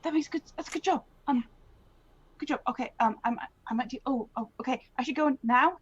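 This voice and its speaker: A woman's voice: sits high, a little fast, husky. A woman playing a tabletop game, talking in a hesitant, stumbling way as she plans. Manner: hesitant, stumbling over words. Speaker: player. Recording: dull lo-fi stream audio.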